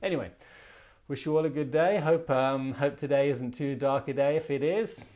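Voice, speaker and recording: A man's voice: mid-range voice, fairly even intonation, moderate pace, a little mellow. A man who is a tarot reader and spiritual healer, explaining a card in a reflective, rambling way with frequent restarts.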